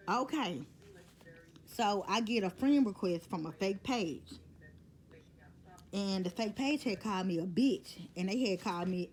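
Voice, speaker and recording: Casting note: woman, mid-pitched voice, blunt storytime vlogger who swears often. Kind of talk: casual storytime.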